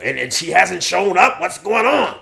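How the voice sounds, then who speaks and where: A man voicing a tough male prison inmate who talks loudly and calls his friend brother. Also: sits high, very animated, moderate pace, gravelly, voice pushed up, heavily acted. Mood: concerned. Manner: loud, calls everyone brother.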